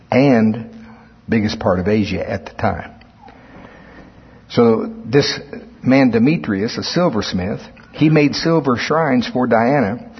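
A man with a fairly low, husky voice preaches a sermon, reading scripture aloud and explaining it as his volume swells for emphasis. The recording is muffled and lo-fi, made in a reverberant hall.

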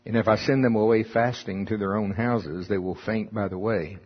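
A man's voice: lowish voice, fairly even intonation, normal speed, slightly rough, highs cut off. A man preaching folksy Bible teaching, reading scripture aloud and explaining it with chuckling asides.

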